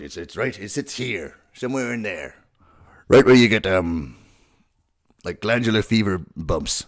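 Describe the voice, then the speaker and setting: Low-voiced man teaching cartoon voices, crude and rambling, pitch jumping all over. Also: expressive, measured pace. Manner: crude, rambling, self-mocking. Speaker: voice impression tutor. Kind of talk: casual tutorial. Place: home room at night.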